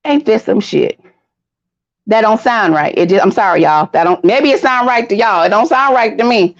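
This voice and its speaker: A woman hosting a casual livestream from home, commenting on the news in a blunt, profane way with animated outbursts, talking straight to her viewers. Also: medium pitch, normal speed, dry recording. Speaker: livestream host. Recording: dull lo-fi stream audio.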